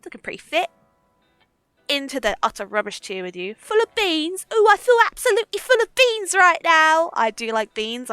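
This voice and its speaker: A woman's voice: a little high, pushed and bright, dry recording. A young woman chatting casually on a livestream, giggly and swearing freely. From Britain. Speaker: streamer.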